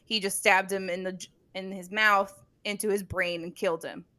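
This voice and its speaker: A woman's voice: medium pitch, fairly even intonation, normal speed, bright, forceful tone. A woman co-hosting a podcast, animatedly retelling a story in casual chat, with lots of "like" and a dramatic flair. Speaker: podcast co-host.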